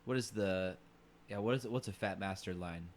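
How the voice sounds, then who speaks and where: A man's voice: sits low, fairly quick. A man co-hosting a podcast in casual chat, joking and laughing often, with many fillers. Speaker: podcast co-host.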